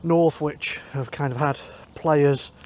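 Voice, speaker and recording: Out walking toward a station, this vlogger from North West England is a little out of breath as he records on a handheld camera mic. His voice is fairly high, steady, and slow while he chats about a football trip, thinking aloud with ums.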